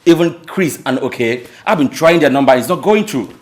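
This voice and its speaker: An actor playing the groom's Nigerian friend who speaks soothingly. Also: male voice, on the high side, lively intonation, brisk, natural voice. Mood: placating. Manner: soothing, placating. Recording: very echoey room from far off.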